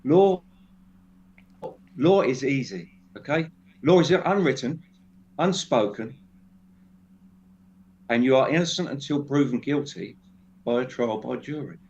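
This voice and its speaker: A man speaking as a guest in a casual discussion, halting and restarting often. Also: mid-range voice, a little mellow. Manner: halting, many restarts and fillers. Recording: dull lo-fi sound with faint noise.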